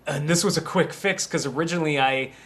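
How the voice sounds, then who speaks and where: A man recording a commentary track about writing a film, rambling and anecdotal, often restarting his sentences and pausing to sip water. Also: on the high side, a bit bright. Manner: drinks water between remarks. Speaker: writer giving a film commentary.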